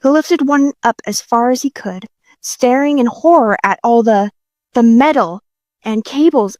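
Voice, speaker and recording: A woman's voice: a little high, measured pace, darkish tone, dry recording. A woman reading a fanfiction audiobook in a casual, playful way, swearing freely. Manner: casual, profane, playful delivery. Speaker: audiobook narrator.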